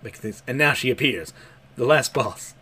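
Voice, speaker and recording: Husky man retelling a cartoon with laughs. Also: mid-range voice, normal speed. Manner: laughs often, animated retelling. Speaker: anime recap host. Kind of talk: casual episode recap.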